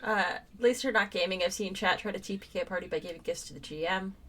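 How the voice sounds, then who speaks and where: A woman's voice: mid-range voice, fast, fairly bright tone. A woman co-hosting a live stream chat, teasing her co-host and thanking viewers.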